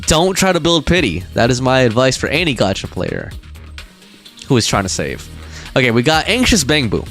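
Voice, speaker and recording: A man's voice: medium pitch, big pitch swings, normal speed, fairly bright tone. A man streaming a video game, chatting casually with his viewers in a playful way and laughing often. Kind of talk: casual live-stream commentary. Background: game music.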